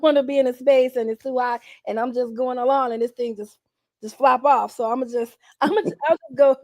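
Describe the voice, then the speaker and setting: A young adult woman telling candid stories in an interview, laughing often and acting out what people said. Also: a little high. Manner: animated, laughs often, acts out quotes. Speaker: guest.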